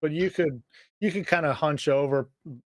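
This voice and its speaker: A man's voice: on the high side, normal speed, no room sound, clean studio sound. A man running a tabletop game as game master, hesitating and searching for words as he narrates.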